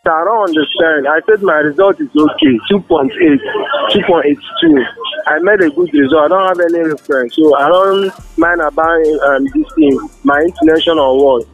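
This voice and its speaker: A man's voice: on the high side, big pitch swings, normal speed, vocal fry, faint music behind. A young man on a phone call. He pleads in a flustered way and keeps addressing the other man as sir. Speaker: prank call target.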